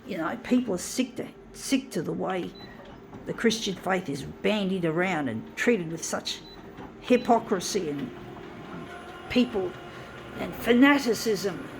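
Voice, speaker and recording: Woman, angry ranting monologue, heavy swearing, middle pitch, faint background noise. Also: expressive, measured pace, gravelly. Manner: swearing, angry ranting, repeatedly addressing "folks". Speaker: vlogger.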